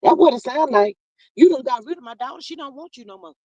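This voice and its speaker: A livestream host in a casual gossip chat, reading out viewers' comments and reacting in a sassy, animated way, often saying "child". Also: high-pitched, quick pace, dry recording, highs cut off.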